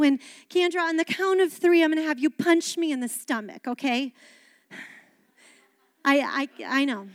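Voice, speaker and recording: A woman pastor preaching a sermon on stage, animated and dramatic, acting out quotes. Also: high-pitched. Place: church stage.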